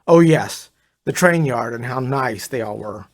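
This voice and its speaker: A man's voice: mid-range voice, lively intonation, measured pace. Older man reading his own story aloud. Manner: confiding, addresses listener as brother. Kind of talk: first-person story reading.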